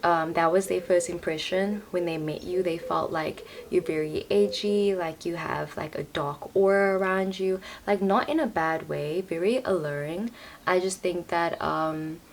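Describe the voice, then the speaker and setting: A young tarot reader talks to a camera on a tripod in a fairly low, measured voice with vocal fry, over a faint hiss or hum. Her casual reading is loose and conversational, full of "like" and "you know."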